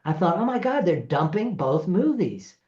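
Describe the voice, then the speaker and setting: A screenwriter recounting studio anecdotes, lively and acting out the people he quotes, laughing as he goes. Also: high-pitched, moderate pace. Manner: animated, acts out quoted voices, laughs through stories. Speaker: screenwriter guest. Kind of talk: anecdotal storytelling. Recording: roomy, dull lo-fi sound.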